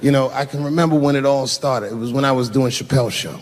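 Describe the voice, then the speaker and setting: A man performing a profane stand-up routine on a big stage, shouting his punchlines. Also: medium pitch, quick pace, slight background noise. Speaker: stand-up comedian. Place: large live venue with audience. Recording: echoey hall, crowd laughter.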